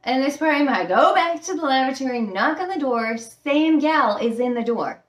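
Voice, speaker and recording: A woman's voice: high-pitched, animated, moderate pace, distant mic. A woman and former flight attendant telling stories at home in a chatty, casual way, full of fillers. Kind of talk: casual storytelling. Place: room at home with a fish tank. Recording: roomy sound from the mic.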